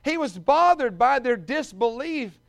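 A man preaching a sermon, reading scripture and calling his listeners friends, building from quiet storytelling up to shouted peaks. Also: very high-pitched, lively intonation, unhurried, vocal fry. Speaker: pastor.

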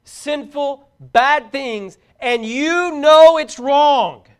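Middle-aged guy preaching hard, real high voice, fervent, calls it out. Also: drawn-out words. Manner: fervent, shouting out exhortations. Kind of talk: sermon.

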